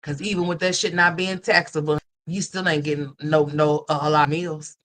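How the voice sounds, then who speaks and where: A livestream host talks loosely and casually straight to the chat in a middle-pitched, fairly bright voice, at normal speed and with flat delivery. One moment blunt, salty and profane, the next tender and emotional, the host sweetly calls viewers honey and sweetheart.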